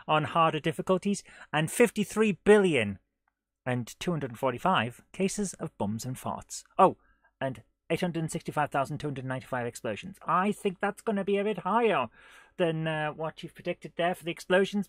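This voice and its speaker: A man with a high, light voice hosts a live gaming stream, chatting in a loose, rambling way. He drops silly rhymes and jokes and laughs often. His voice sounds dry and close, with no room echo. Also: a bit bright. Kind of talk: casual live-stream chat.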